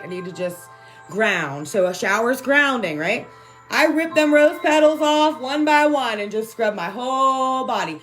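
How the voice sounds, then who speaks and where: A woman's voice: a little high, fairly bright tone. A woman speaking candidly and emotionally to her livestream viewers about spiritual growth, swearing freely and often asking "right?". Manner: conversational, keeps asking "right?". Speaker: spiritual self-help vlogger.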